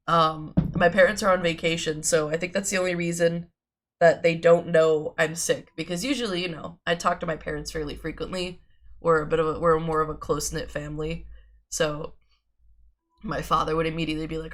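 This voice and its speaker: A woman's voice: low voice, flat delivery, brisk, a bit bright. A young woman streaming a video game while sick with a sore throat, chatting casually and laughing often. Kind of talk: casual gaming stream commentary.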